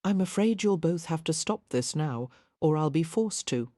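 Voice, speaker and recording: A woman voicing a relaxed, reasonable young man who stays pleasant under pressure. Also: deep voice, moderate pace, no echo, studio quality. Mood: calm. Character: calm agile dark-haired young man.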